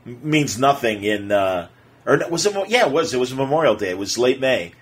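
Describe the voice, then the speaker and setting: Podcast host guy, chatty and excitable, kinda husky, lots of uhs. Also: medium pitch, a little fast. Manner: animated, excitable storyteller with many fillers. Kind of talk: casual podcast storytelling.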